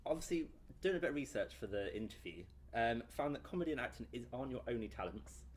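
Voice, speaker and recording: A man's voice: medium pitch, animated, quick pace, a little hiss or hum. A man interviewing a guest, asking brief questions and laughing along in a casual chat.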